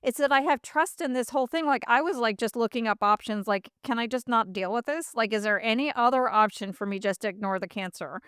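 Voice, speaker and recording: Animated woman podcast host telling a story. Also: a little high, a little fast, hardly any pauses, clear, resonant tone, no echo, clean studio sound. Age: middle-aged. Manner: animated, acts out quoted voices, many fillers. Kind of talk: casual storytelling in an interview.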